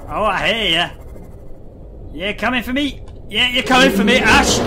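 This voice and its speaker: A man commentating a video game, excitable and sweary, often laughing. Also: very high-pitched, moderate pace, very noisy. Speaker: gamer. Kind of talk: let's play commentary. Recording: game music behind the voice.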